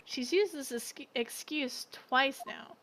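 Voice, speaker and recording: A woman's voice: sits high, takes it slowly, fairly bright tone, slight background noise, poor audio. A woman streamer chatting casually and playfully while playing a game. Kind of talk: casual let's-play commentary. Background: game music.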